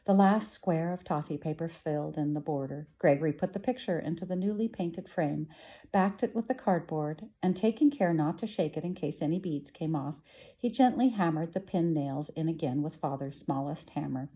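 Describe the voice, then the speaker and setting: Low, mellow woman reading a story. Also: normal speed. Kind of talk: storybook read-aloud.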